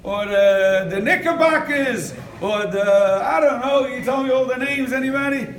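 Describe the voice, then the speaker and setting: An older man gives a lively sermon, acting out the people in his stories. His voice sits very high, and he is heard from a distance across a roomy, echoing hall. A faint hum of background noise lies under him. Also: moderate pace. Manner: animated, acts out quotes, laughs often. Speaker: rabbi. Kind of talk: sermon with storytelling. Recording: echoey room from far off.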